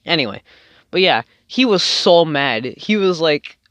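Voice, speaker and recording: A man's voice: fairly high pitch, sing-song, a little slow, a bit bright, smooth, no room sound. Rambling young man telling a story. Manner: rambling, filler-heavy, swears often. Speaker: storytime vlogger. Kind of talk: casual storytelling. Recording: dull lo-fi dry sound.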